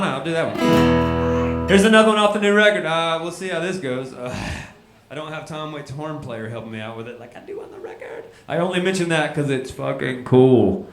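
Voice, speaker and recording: High-voiced guy joking around between songs onstage, roomy live sound, loud guitar going. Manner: rambling, joking, swears casually, laughs between remarks. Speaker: singer-songwriter performing live. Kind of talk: live concert stage banter. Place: live music venue.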